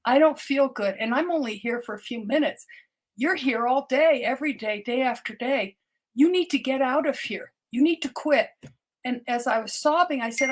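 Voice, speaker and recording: A woman's voice: high-pitched, moderate pace. An older woman, a doctor, telling her personal story as a podcast guest, earnest and often repeating words as she restarts her sentences.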